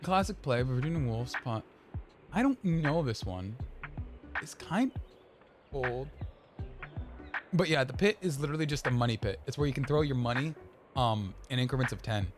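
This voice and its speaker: A man's voice: mid-range voice, expressive, moderate pace, pauses often. A young man casually commentating a game on stream, chatty and rambling, with game music behind.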